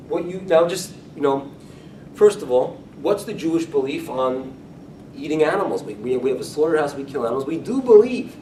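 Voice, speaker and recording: A man with a fairly high voice gives a rabbi's Talmud class in a casual, conversational way, often repeating and restarting phrases as he explains. He is recorded from some distance in a reverberant room. A faint background rumble sits under his voice. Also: a little mellow. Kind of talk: lecture-style Talmud class. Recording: echoey room, speaker far from mic, faint rumble.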